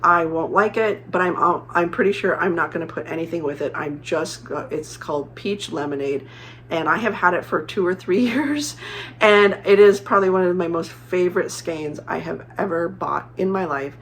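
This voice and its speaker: A woman's voice: fairly low pitch, normal speed, a bit bright, slight background noise. A middle-aged woman from Arizona chatting casually as a crafting vlogger, rambling with many fillers and restarts. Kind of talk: casual chat.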